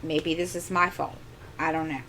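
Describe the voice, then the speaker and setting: A woman's voice: deep voice, fairly even intonation, moderate pace, bright, forceful tone, slight background noise. A middle-aged woman hosting a crafting channel, chatting casually at home into a desk microphone and telling a long, exasperated story full of asides. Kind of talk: casual chat.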